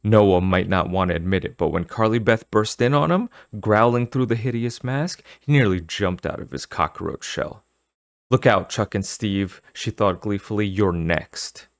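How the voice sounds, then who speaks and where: A man narrating an audiobook in an expressive, dramatic storytelling manner. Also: deep voice, moderate pace, vocal fry, hardly any pauses, dry recording, clean studio sound.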